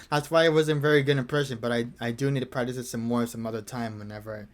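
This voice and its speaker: A man's voice: medium pitch, steady tone, quick pace. A man hosting a music livestream, chatting casually between songs in a rambling, laid-back way and chuckling often.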